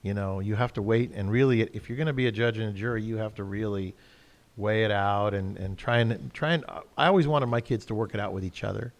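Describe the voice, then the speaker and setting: Reflective low-voiced man, reverberant room. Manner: reflective, calm, halting. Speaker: host. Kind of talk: spiritual discussion. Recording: long hall reverb.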